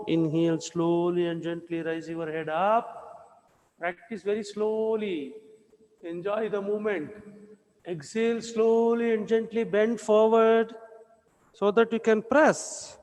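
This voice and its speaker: A man, leading a yoga class with slow, repetitive cues for breathing and movement. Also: high voice, a little mellow. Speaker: yoga instructor. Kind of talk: guided yoga instruction. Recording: echoey room with long reverb.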